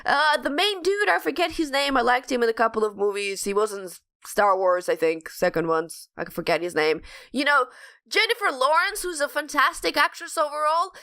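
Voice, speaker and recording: Bright, animated woman ranting. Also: sits high, a little fast. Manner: ranting, rambling with many restarts. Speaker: podcast co-host. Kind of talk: casual chat.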